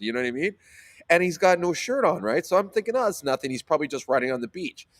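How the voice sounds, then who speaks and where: A man telling a story in casual chat, animated, swearing freely and using lots of fillers. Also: on the high side, quick pace. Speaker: sea moss seller.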